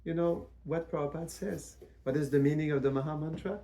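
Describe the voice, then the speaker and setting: A man giving a devotional lecture as a spiritual teacher, in a measured, reverent way with frequent restarts. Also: on the high side, fairly even intonation, mellow.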